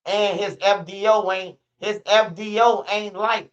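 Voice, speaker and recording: A man's voice: high-pitched, fairly even intonation, measured pace, few pauses, a bit bright. A man from Chicago with a Chicago accent, hosting a livestream and giving blunt, profane street-talk commentary. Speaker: livestream host. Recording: muffled lo-fi stream audio.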